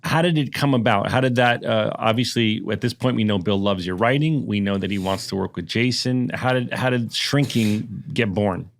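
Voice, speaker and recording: Give me a halting, teasing male podcast host with a gravelly edge. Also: on the low side. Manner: halting, lots of fillers, teasing. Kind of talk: casual podcast chat.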